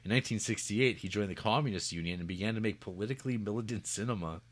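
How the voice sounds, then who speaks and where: A man's voice: on the low side, fast. A man co-hosting a podcast, reading out notes and joking with dry, wry humor. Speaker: podcast co-host. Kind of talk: casual chat with read-out notes.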